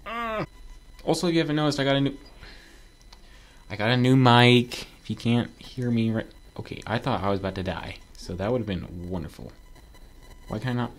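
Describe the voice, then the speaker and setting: A man playing a platform game and commenting as he goes, excitable and joking, yelping when something surprises him. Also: medium pitch, a little fast, long pauses. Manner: excitable, talks to himself, yelps when surprised; joking asides to viewers. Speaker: gaming video creator. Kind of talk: casual let's-play commentary.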